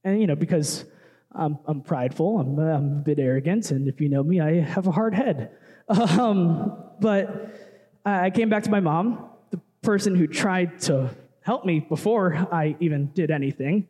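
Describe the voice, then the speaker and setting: A man's voice: a little high, normal speed, dark tone, in a large hall. A young man, a worship leader, giving a casual, chatty sermon full of asides and fillers.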